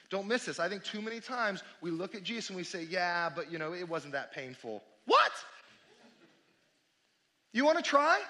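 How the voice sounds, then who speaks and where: A man preaching a sermon to his church, swinging between loud exclamations and quiet, low asides. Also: gravelly. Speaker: pastor.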